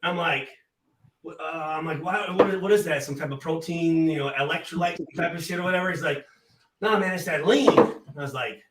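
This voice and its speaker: Profane high-voiced man telling a story. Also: brisk, reverberant, far from the mic, heavy background noise. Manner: profane, animated storyteller acting out quotes. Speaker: former player telling a story. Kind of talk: casual storytelling on a live show.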